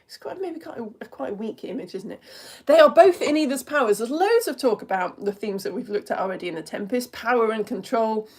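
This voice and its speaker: British woman doing a live lesson from home, slightly high voice, laughs a lot, chatty. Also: expressive, fairly quick, a little mellow, slightly rough. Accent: British English. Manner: chatty, laughs often, talks with many restarts. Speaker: teacher.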